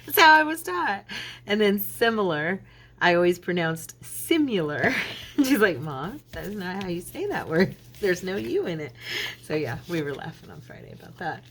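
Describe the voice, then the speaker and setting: Low-voiced chatty middle-aged woman. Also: fairly bright tone. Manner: chatty, laughs often, tells stories. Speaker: crafting channel host; minister. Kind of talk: casual chat while crafting.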